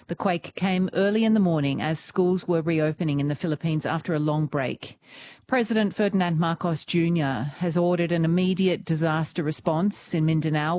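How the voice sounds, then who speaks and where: Female newsreader, lower pitch, measured scripted delivery. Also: darkish tone. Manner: measured, formal. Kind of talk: scripted news bulletin.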